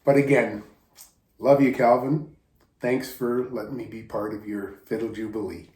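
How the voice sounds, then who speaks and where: A man, a guest steel guitar player, giving a slow, tender spoken tribute to a friend that moves him to emotion. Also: mid-range voice, flat delivery, a little mellow, echoey room.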